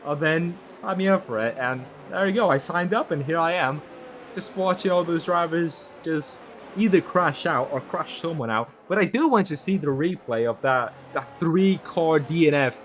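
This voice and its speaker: A man's voice: a little high, normal speed, slight background noise. A man doing play-by-play commentary on an online racing league, getting worked up when the field crashes. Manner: excitable, voice climbs when cars crash. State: losing his voice. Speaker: lead commentator.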